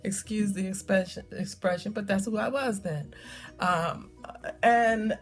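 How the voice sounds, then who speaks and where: A middle-aged woman talks straight to her viewers in a relaxed, storytelling way. She leans on emphatic repeats and scatters ums between thoughts. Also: medium pitch, unhurried, soft background music. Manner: chatty, storytelling, emphatic repetition, frequent ums. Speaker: vlogger. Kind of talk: casual talk to camera.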